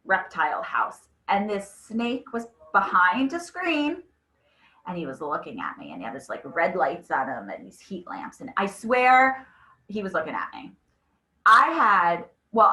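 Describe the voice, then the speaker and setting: Presenting a webinar on mental health, a woman in her thirties keeps it conversational, full of storytelling, audience asides, and repeated "right?". The recording of her medium-pitched voice is rough with a roomy sound.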